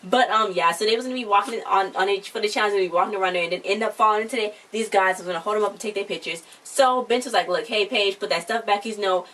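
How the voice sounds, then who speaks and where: Fast-talking woman recapping a TV show. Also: mid-range voice, fairly bright tone, far from the mic. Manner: retells scenes by quoting the cast in their own voices. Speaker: co-host of a reality show recap channel. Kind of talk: casual chat recapping a TV episode.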